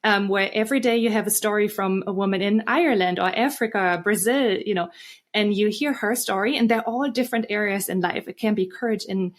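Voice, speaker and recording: A woman's voice: mid-range voice, fairly quick. Woman guest, casual interview, earnest and reflective, middle voice. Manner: earnest, reflective, with fillers and restarts. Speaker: guest author.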